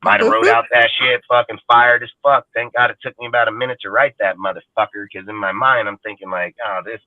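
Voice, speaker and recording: A man in the middle of a profane, heated rant on a casual fan podcast. His voice sits mid-pitch. It comes through a narrow, phone-like band with no room around it. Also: little pitch movement, a little fast, no echo. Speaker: podcast co-host. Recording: tinny phone-like sound, dry.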